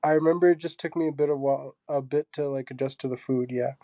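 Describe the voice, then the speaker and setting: Soft, mellow young man, halting speech. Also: medium pitch, steady tone, no echo. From Zambia. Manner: soft-spoken, halting, many fillers. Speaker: guest artist. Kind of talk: casual interview chat.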